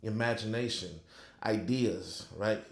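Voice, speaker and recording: A man giving a casual motivational talk on faith, punctuating nearly every phrase with "right?", reflective and then fervent. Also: fairly low pitch. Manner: unhurried and reflective, growing fervent when preaching. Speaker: motivational speaker. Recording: echoey room.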